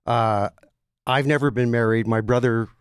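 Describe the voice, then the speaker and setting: A man co-hosting a podcast, chatting casually and making quick jokes. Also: medium pitch, steady tone, clean tone, no room sound, clean studio sound. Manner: joking, quick quips. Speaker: podcast co-host. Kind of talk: casual chat.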